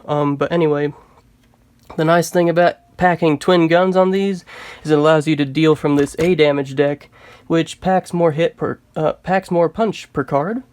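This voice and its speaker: Chatty man, slightly high, dry sound. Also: fairly even intonation, normal speed, a little mellow, no room sound. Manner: chatty, many filler words. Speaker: tabletop game reviewer. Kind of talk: casual game breakdown.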